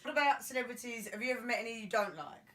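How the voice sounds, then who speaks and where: A woman's voice: fairly high pitch, rapid-fire, fairly bright tone. A woman guest in a casual chat, laughing often and playfully pushing back.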